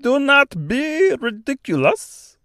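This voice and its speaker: A man's voice: extremely high pitch, very animated, slow pace, a bit bright, dry recording, studio quality, pitched above the performer's own voice, exaggerated voice. A man voicing a huge, kind-hearted male stork with a thick accent that blends Austrian and French, in an audiobook reading. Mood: eager. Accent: mixed Austrian and French. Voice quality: thick, grand.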